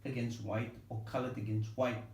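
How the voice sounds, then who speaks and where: A man's voice: medium pitch, flat delivery, normal speed, a little mellow. A man co-hosting a music vlog who talks in an analytical way, hesitating and repeating words. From not from Cape Town. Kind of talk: casual discussion. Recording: echoey room, mic at a distance.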